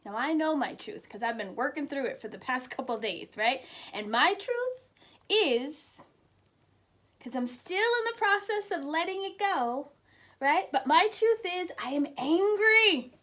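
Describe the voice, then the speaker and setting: A high-pitched woman hosts a casual, inspirational live stream. She is chatty and laughs often as she speaks straight to her viewers, calling out their names. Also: animated, unhurried, fairly bright tone. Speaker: host of a weekly live show.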